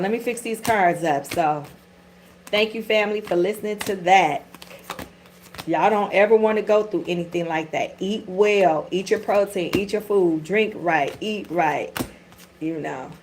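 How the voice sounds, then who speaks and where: Woman host, middle-aged, candid livestream chat, mid-pitched voice, faint hiss and clicks. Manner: chatty and candid, with swearing and vernacular. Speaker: tarot reader and channel host.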